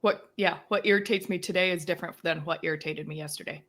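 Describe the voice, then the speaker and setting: A woman in her thirties or forties hosting a casual chat, agreeable and quick to laugh. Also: fairly low pitch, fairly even intonation, a bit bright. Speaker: host.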